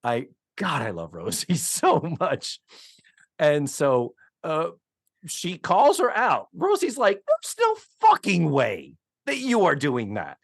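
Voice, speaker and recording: A man's voice: on the high side, slow, creaky, husky, no room sound, clean studio sound. A man co-hosting a podcast, recapping a sitcom episode in casual chat and acting out the characters' lines. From Orlando. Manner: animated, acts out quoted lines. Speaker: podcast co-host.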